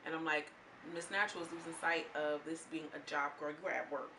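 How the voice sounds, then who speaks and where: A woman casually recapping a reality show episode, animated and quoting the people in it. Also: deep voice, fast talker. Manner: animated, retells scenes in quoted voices. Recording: echoey room, faint noise.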